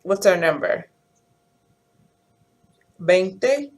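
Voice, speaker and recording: A woman teacher leads a language lesson at an unhurried pace, speaking slowly and deliberately. She explains in English, then counts and quizzes numbers aloud with clear, careful pronunciation. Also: lowish voice, animated, a little mellow. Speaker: Spanish teacher.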